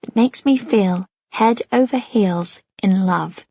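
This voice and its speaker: A woman narrating a novel in the first person with an intimate, soft-spoken delivery. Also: mid-range voice, takes it slowly, slightly rough, no room sound, highs cut off. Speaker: audiobook narrator.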